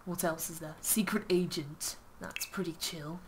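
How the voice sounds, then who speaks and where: A woman playing Ciel, a bossy young boy earl, in cosplay role-play over a video game. She teases dryly and breaks into laughing shouts. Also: on the low side, fairly even intonation, unhurried, slight background noise, close to an everyday voice. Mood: haughty. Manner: bossy, dry teasing, bursts into laughing shouts. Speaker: gaming channel host. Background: game music.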